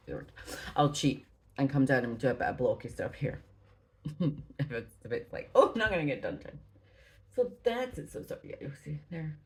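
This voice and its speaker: A woman's voice: rumbling low, dark tone, rough recording. Chatty Scottish woman, slightly breathless. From Scotland. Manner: chatty, rambling, often apologizes and restarts. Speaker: cross-stitch vlogger. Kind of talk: casual chat showing stitching projects. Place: at home indoors.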